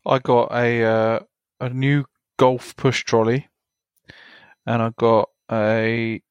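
A man's voice: mid-range voice, flat delivery, takes it slowly, smooth, dry recording, dull audio. A man co-hosting a podcast, talking casually and a bit hesitantly. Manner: hesitant, with fillers. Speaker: podcast co-host. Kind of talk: casual chat.

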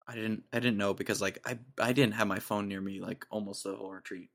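A man's voice: on the low side, fairly even intonation, fast, gravelly, a bit bright. A young man in his twenties hosting a podcast, telling a rambling, jokey story in casual slang. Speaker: podcast host.

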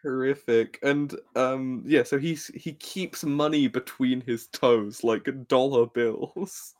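A man's voice: mid-range voice, slow. A young man co-hosting a casual comedy podcast, laughing and swearing as he retells a show's scenes. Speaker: podcast co-host. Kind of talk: casual chat recapping a show.

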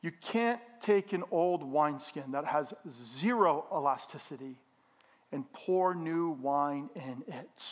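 A middle-aged man preaching a sermon as a pastor in a church, animated and joking with the congregation. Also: on the high side, slow.

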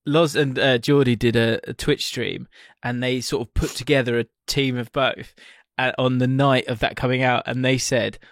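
A man co-hosts a football podcast, chatting casually and rambling with lots of ums and restarts. His mid-range voice has fairly even intonation and a moderate pace, recorded dry at studio quality.

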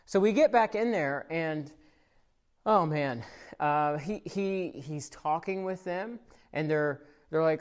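A man's voice: on the high side, slow. Conversational pastor preaching a sermon, man. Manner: conversational storytelling with frequent fillers; grows animated and louder in the story, soft when reflecting. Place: church service, recorded for online viewers.

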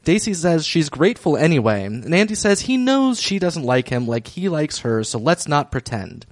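A man's voice: fairly high pitch, big pitch swings, normal speed, dry recording, studio quality. A man co-hosting a podcast, recapping a drama in wry casual chat and laughing often. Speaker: podcast co-host.

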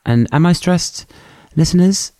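A man's voice: on the high side, a little slow, a little mellow, no room sound, studio quality. A man co-hosting a podcast, chatting casually in a camp, self-mocking, jokey way. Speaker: podcast co-host. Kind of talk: casual chat.

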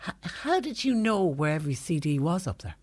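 A woman hosting a radio show, reading out listener messages and chatting in a lively way on a studio mic. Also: low-pitched, a little fast, husky, dry recording. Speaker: radio host.

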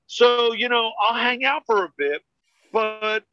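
A comedian from the United States, guesting on a podcast, telling emphatic, animated stories in casual chat. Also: male voice, extremely high pitch, a little slow, no echo, muffled recording.

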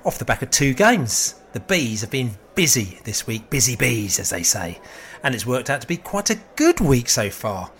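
A man from England hosts a football fan podcast over a remote call. He is chatty, rambling and quick to laugh at his own stories. His voice is mid-pitched and ordinary. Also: sing-song, fairly bright tone. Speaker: podcast host. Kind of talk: casual fan podcast chat. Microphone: remote call mic.

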